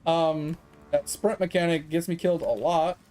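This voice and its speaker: A man's voice: a little high, fairly even intonation, normal speed, darkish tone. A man streaming a game, ranting in casual, sarcastic talk, swearing and acting out the people he quotes. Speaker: gaming streamer. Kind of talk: casual rant while gaming.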